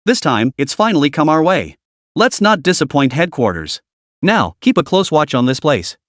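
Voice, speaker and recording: A man voicing a blunt, gruff male squad captain. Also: on the high side, very animated, moderate pace, no room sound, clean studio sound. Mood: excited.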